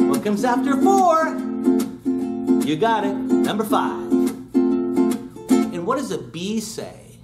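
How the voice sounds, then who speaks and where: A man's voice: high-pitched, wildly swooping pitch, slow, long pauses. A man teaching young children, singing and asking questions in an upbeat way over his guitar. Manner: upbeat, sings with guitar, asks kids questions. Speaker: children's music class teacher. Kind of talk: sing-along lesson for kids. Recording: roomy room with loud guitar. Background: acoustic guitar playing.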